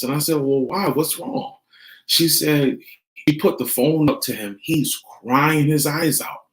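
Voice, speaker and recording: A man's voice: medium pitch, normal speed. A middle-aged man gives earnest family advice straight to the camera, circling back to his main points again and again. His voice sits in a mid range and carries a noticeable roomy echo. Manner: earnest, repeats key points, retells scenes with quoted dialogue. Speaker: vlogger giving family advice. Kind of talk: casual monologue to camera.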